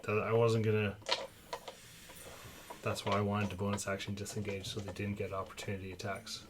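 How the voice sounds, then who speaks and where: Low-voiced man thinking aloud at the game. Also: monotone, brisk, background noise. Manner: casual, thinks aloud while planning moves. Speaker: tabletop game player. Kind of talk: casual tabletop game play.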